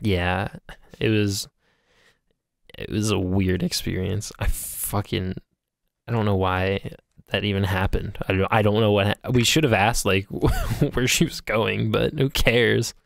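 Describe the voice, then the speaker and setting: A man's voice: on the low side, fairly even intonation, unhurried, gravelly, no room sound, clean studio sound. A man co-hosting a podcast, telling rambling stories in casual chat, laughing often and swearing casually. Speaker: podcast co-host.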